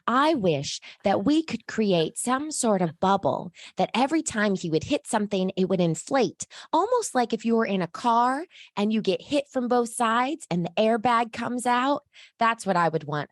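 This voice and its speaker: A woman's voice: mid-range voice, dry recording, clean studio sound, natural voice. A woman voicing Gruntled, a cheerful new dwarf, in an upbeat put-on happy voice.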